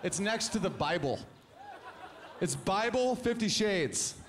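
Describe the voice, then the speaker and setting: Wry stand-up man with a raised pitch. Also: expressive, slow, slight background noise. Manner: crude, wry, breaks into chuckles. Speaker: stand-up comedian. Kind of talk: stand-up comedy set.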